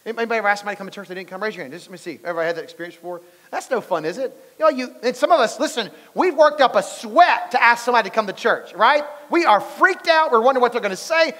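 High-voiced male pastor in a reverberant hall. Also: expressive, very fast, hardly any pauses, a bit bright. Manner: storytelling, asks the congregation questions. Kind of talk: conversational sermon. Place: church sanctuary. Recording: long reverb of a large church hall.

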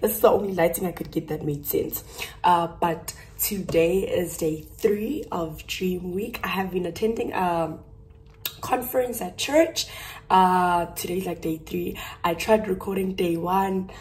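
A young woman from South Africa chatting casually to her phone camera at home while getting ready, her voice hoarse and half gone, rambling and correcting herself with little laughs. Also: lowish voice, unhurried, darkish tone. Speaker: YouTuber vlogging. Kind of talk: casual vlog chat to camera. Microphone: phone on a tripod.

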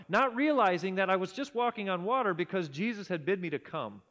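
A man preaching a sermon in earnest tones, often dropping to a hushed low voice for emphasis. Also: expressive, fairly quick, big-room sound. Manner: earnest, drops to a hushed low voice at key points. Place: church sanctuary.

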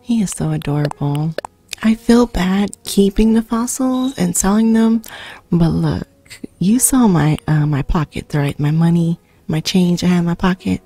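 A woman's voice: on the low side, measured pace, dark tone. A woman hosting her own channel, chatting casually and giggling while she plays a video game. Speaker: gaming channel host.

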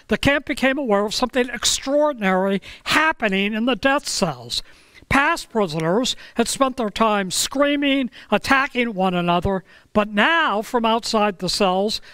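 A man preaching a sermon, telling a story in a slow, measured way with dramatic pauses. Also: high-pitched, fairly bright tone, clean tone, no room sound. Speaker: pastor.

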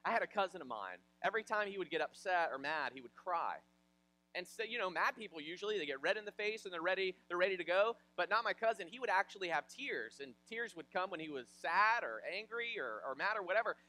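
Animated, high-voiced male pastor preaching. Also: fast, rough recording. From Ohio, USA. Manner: animated, conversational preaching with personal stories. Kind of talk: sermon.

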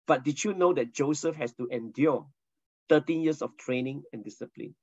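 A pastor teaches a Bible lesson, telling stories energetically and asking listeners questions. His voice is medium in pitch at a normal speed. The recording has no room sound and is muffled.

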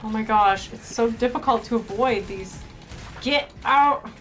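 Excitable woman streaming a game. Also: on the high side, normal speed, soft background music. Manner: excitable, frequent exclamations and mild swearing. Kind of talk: live gameplay commentary.

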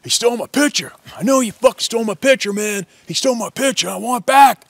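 A man shouting as a drunk, sneering brawler. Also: fast talker, creaky, breathy edge, dry recording, heavily acted. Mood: furious. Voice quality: shrill, shouting. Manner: accusing, cursing.

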